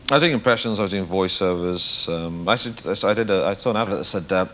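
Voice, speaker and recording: A man's voice: sits low, fast, hardly any pauses, sharp tone, slight background noise. A comedian in his thirties, telling a self-deprecating story on a chat show and stammering as he starts sentences. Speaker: comedian guest. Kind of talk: anecdotal chat show talk.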